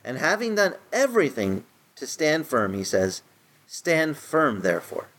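A middle-aged man preaching in a conversational sermon style, his voice climbing higher when he stresses a point. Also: wildly swooping pitch, normal speed, fairly bright tone. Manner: conversational preaching, rises in pitch for emphasis. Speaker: pastor.

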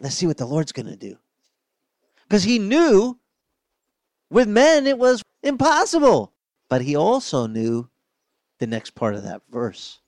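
An older pastor delivers a sermon with animated storytelling and playful voices for the people in his stories. His voice sits a little high for a man, and the recording is dry and close. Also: dry recording.

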